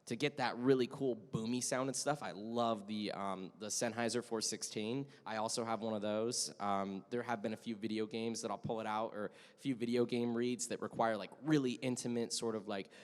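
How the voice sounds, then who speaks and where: A man's voice: lowish voice, fairly even intonation, moderate pace, hardly any pauses. A man speaking as a voice-acting panelist, chatty and detailed with many fillers, in casual convention talk. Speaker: panelist voice actor. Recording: echoey convention hall.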